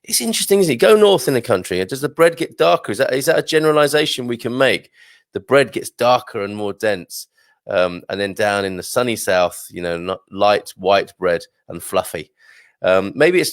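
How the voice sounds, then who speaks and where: A man with a fairly low voice hosts a relaxed live stream, reading aloud and drifting into chatty asides. The sound is dry and close, with no room echo. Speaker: host. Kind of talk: casual live-stream chat.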